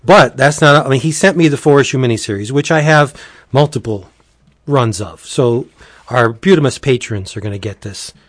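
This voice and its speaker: A man's voice: mid-range voice, moderate pace, dry recording, clean studio sound. A man from Pennsylvania co-hosting a casual podcast chat at home, jokey and prone to stumbling over his words. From Pennsylvania, USA. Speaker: podcast co-host. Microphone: home recording setup.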